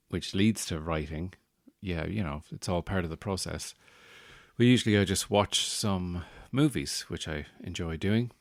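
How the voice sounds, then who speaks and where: A podcast host with a low voice, recorded dry, talks through a casual monologue. He's a new father, young adult or middle-aged, with a dry, self-deprecating sense of humor.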